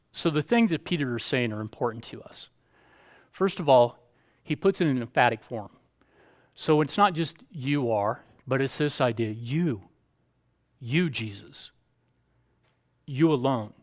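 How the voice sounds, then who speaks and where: A male pastor, preaching a sermon in an emphatic, conversational storytelling way. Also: medium pitch.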